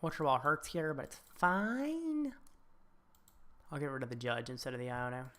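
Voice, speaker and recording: Low-voiced woman muttering through a card game. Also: fairly even intonation, racing, a bit bright. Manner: muttering, self-reassuring. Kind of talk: casual gameplay commentary.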